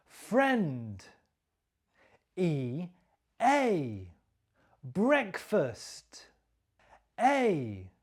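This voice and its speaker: A woman teaching English pronunciation, modelling sounds and sentences slowly and clearly for learners to repeat, with encouraging praise. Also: on the low side, a little mellow. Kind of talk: slow, clearly articulated pronunciation lesson.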